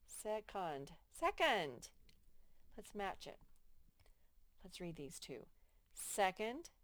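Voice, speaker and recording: A woman teaching young children to read, slowly stretching out each word with patient, clear explanations. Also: mid-range voice, big pitch swings, no room sound. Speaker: first-grade teacher. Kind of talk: slow, patient phonics lesson to young children.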